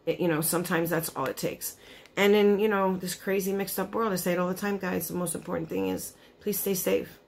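A woman's voice: on the low side, fairly even intonation, fairly quick, vocal fry, a little hiss or hum. Gushing, emotional woman vlogger. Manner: gushing, emotional, chatty with lots of "like" and "you know". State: choked up, near tears. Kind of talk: casual chat to camera.

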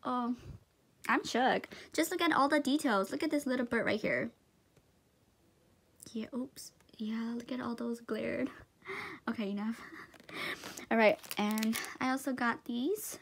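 A high-voiced woman chatting through an unboxing for her channel. She gushes with breathless exclamations and often drops into soft whispers over the items. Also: unhurried, creaky, long pauses. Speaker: vlogger. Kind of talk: excited unboxing chat.

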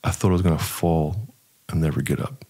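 A middle-aged priest telling a personal story in an interview, unhurried and hesitant, with many fillers. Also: male voice, rumbling low, fairly even intonation, dark tone.

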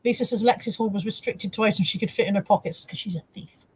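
A woman's voice: mid-range voice, fast talker, slight background noise, rough recording. A woman co-hosting a casual live stream, chatty and giggly, reading viewer comments aloud. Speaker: livestream co-host reading chat comments. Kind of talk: casual chat.

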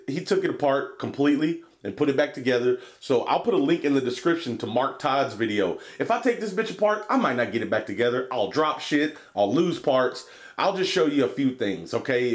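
Rambling, profane guy reviewing gear. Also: medium pitch. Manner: rambling, profane, laid-back. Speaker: vape product reviewer. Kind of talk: casual product review vlog.

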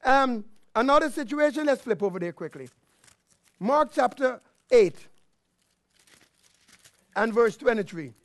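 High-voiced preaching pastor, dry sound. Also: male voice, expressive, unhurried, pauses often, no room sound. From Canada. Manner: preaching with call-and-response questions and exclamations. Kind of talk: sermon.

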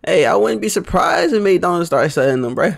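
A man reacting to a clip in casual, slangy chat, dropping "bro" at the end of his lines. His voice has a gravelly edge and swings up and down a lot. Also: sits high, animated, a little fast. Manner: laid-back, slangy, says "bro" a lot. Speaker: reaction video host.

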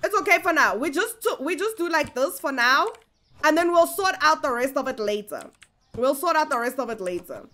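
A young woman giving casual, animated commentary as she plays a game, exclaiming and chatting to her viewers. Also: high-pitched, fairly quick. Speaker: gaming streamer.

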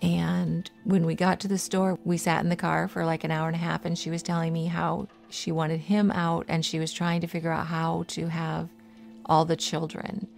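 A woman being interviewed, recalling a frightening night in a halting way and repeating her phrases. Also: on the low side, level tone, gravelly, darkish tone, faint music behind. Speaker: interviewee, relative of the victim. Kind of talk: emotional recollection.

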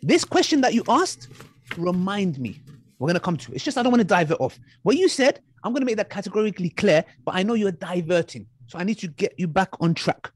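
A man's voice: sits high, animated, quick pace, darkish tone. A man debating online, mocking and talking over his opponent, repeating himself to hold the floor. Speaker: online preacher debating an ex-Muslim.

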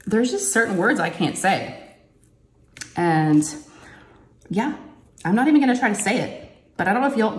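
A chatty crafting vlogger talks casually while diamond painting in her home craft room, the recording echoey with faint noise. As she tells stories, she performs quotes in a higher voice.

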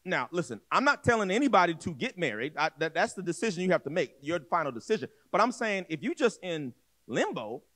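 Guy preaching a sermon, pretty high voice, really animated, acts out the story and talks straight at the crowd. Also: brisk. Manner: direct, conversational, repeats words and restarts. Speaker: pastor.

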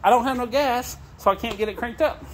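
There's slight background noise as a man with a very high-pitched voice talks fairly quickly in a casual, rambling outdoor vlog beside a trailer. Giggly and apologetic, he keeps laughing to tears while going on about used gear he plans to sell.

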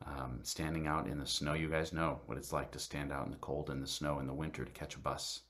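Man, middle-aged, extremely low voice, halting storytelling, lots of ums and restarts. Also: fairly even intonation, fairly bright tone. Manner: halting, many fillers and restarts. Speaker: guest speaker at church service. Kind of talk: personal storytelling talk.

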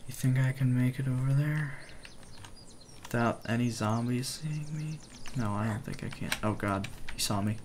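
A young man giving casual gameplay commentary, excitable, swearing mildly and sometimes dropping to a whisper. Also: mid-range voice, normal speed, a little hiss or hum.

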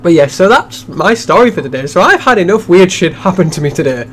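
A man's voice: high-pitched, sing-song, a little fast, fairly bright tone, slight background noise. A young man hosting a game playthrough, telling a rambling story with many restarts in casual chat. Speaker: let's play host.

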